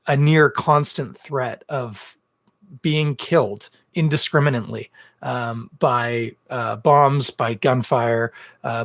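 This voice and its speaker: A man hosting his own podcast, talking in a casual rant full of ums and uhs, earnest and then blunt. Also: medium pitch. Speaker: podcast host. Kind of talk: casual ranting monologue. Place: home set filmed on two cameras.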